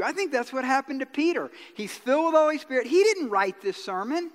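A man's voice: extremely high pitch, animated, fairly quick, hardly any pauses. A middle-aged man preaching a sermon as pastor, telling a story in a folksy way and acting out the dialogue. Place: church sanctuary. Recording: long reverb of a church hall.

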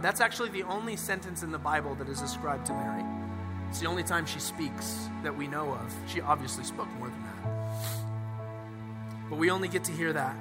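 A man preaching a sermon in a church, passionate, swinging between quiet asides and loud emphatic lines and slowing down to stress key phrases. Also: a little high. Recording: long hall reverb with music behind.

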